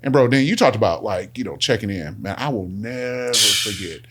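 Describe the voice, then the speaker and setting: A man, hosting a podcast and telling candid stories in a relaxed way, often saying "man" and "bro.". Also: on the low side, normal speed, husky. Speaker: podcast host and pastor. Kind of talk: casual conversation.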